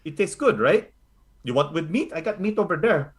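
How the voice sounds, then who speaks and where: A man pushes his natural voice up to a high, animated register at normal speed to play a motherly old Filipino grandmother sorceress in a tabletop game. He puts on a Filipino English accent, speaks broken English, and calls everyone honey.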